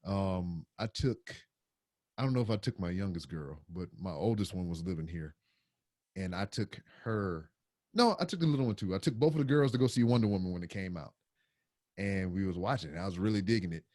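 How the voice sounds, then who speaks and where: A middle-aged man with a fairly low voice talks easily on a podcast, swearing now and then. His pitch still moves a lot as he tells his stories, and the sound is dry and close. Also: lively intonation, fairly quick, a little mellow, no echo. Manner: laid-back, swears casually. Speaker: podcast guest. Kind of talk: casual podcast chat.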